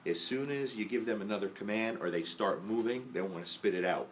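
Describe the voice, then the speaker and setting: A dog trainer calmly explaining each step of a training method, patient and often checking in with "okay?". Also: male voice, lowish voice. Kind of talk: casual instructional demo. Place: indoors at home with a dog. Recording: faint background noise, mic at some distance.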